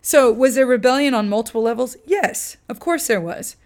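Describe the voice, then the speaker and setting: A woman teaching the Bible in a casual, conversational way, with slangy asides and lively retellings. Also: a little high, moderate pace.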